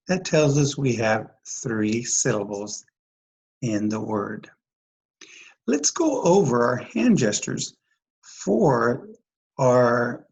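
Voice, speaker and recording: A teacher walks through a phonics lesson at an unhurried, deliberate pace. The voice is patient and steady, repeating each word and pausing to ask the listener questions. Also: mid-range voice, poor audio. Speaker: dyslexia teacher.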